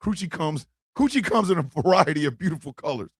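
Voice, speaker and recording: A man hosting a live streamed talk show, talking loudly and animatedly, often shouting and laughing. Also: on the high side, big pitch swings, fairly quick, heavy background noise.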